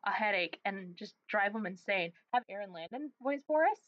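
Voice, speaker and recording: A woman's voice: mid-range voice, animated, moderate pace, no echo. A woman hosting a casual chat, speaking in a laid-back, playful way with frequent fillers. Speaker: podcast host. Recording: dull, slightly muffled sound.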